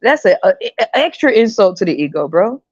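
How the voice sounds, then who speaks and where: A woman hosting a podcast in a casual comedic rant, animated and slangy, often breaking into laughter. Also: mid-range voice, brisk, breathy edge, no room sound, lo-fi sound. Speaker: podcast host.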